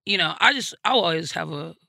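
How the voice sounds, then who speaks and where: A woman's voice: on the low side, animated, fairly quick, creaky, bright, forceful tone, no echo, studio quality. A woman, a guest comedian, speaking frankly and reflectively in an interview, with plenty of "like" and "you know" and casual swearing. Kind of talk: candid personal storytelling in an interview.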